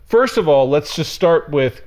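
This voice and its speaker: A man's voice: a little high, lively intonation, a little slow, a little mellow. A man preaching as a pastor in a casual, conversational sermon. He reads scripture, adds frank, sarcastic asides and laughs often. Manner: frank and irreverent.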